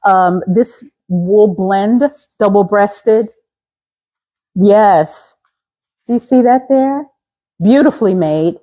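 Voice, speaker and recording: A woman in her fifties from Louisiana, raised in Colorado, chatting enthusiastically as a fashion vlogger with the crisp diction of a trained singer, often repeating her phrases. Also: medium pitch, takes it slowly, long pauses, dark tone, rough recording. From Louisiana, raised in Colorado from seventeen. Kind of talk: casual outfit show-and-tell.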